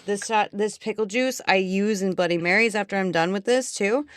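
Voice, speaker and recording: A woman's voice: medium pitch, normal speed, no room sound. Blunt, sarcastic woman co-hosting a podcast. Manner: blunt and sarcastic, profane, chatty. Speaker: podcast co-host. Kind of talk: casual chat.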